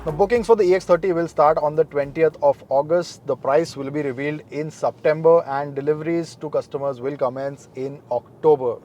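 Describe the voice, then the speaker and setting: A young man presenting a car review in a measured, matter-of-fact way. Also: fairly high pitch, steady tone, music in the background.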